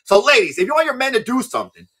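A man hosting a casual livestream, joking crudely, laughing often and repeating words in quick bursts. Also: very high-pitched, very animated, pushed and bright. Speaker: livestream seller host.

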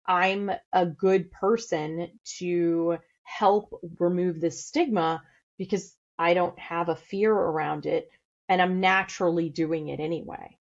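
She's a middle-aged podcast guest from St. Louis who talks fast and doesn't sugarcoat anything in this casual interview. Her pitch is fairly low, her intonation fairly even, and the audio sounds dull.

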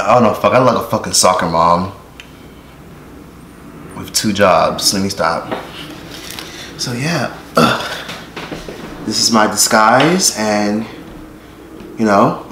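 Recorded on a handheld phone in an echoey space with a bit of noise, a man vlogs casually for his YouTube audience. His voice sits at a medium pitch with a fairly bright tone, and he swears freely while joking with viewers directly.

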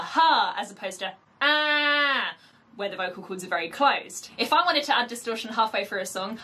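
A woman's voice: medium pitch, pushed and bright. A woman vocal coach reacting to a song and explaining vocal technique with enthusiasm, singing short demonstrations.

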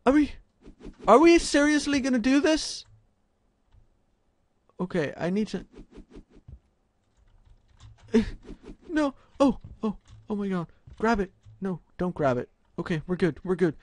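A man doing let's play commentary, muttering low and then breaking into loud frustrated shouts. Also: animated, slow pace, pauses often. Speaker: gaming commentator.

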